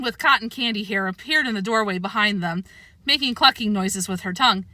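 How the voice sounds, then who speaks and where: A woman reading a children's book aloud with expressive, animated storytelling, close to the mic. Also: medium pitch, fairly quick, no echo. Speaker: narrator.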